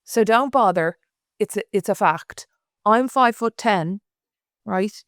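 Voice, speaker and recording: A woman's voice: mid-range voice, measured pace, a bit bright, no room sound, studio quality. A woman in her thirties with an Irish accent, co-hosting a podcast in casual, teasing chat. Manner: chatty, teasing, apologetic asides. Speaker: podcast co-host.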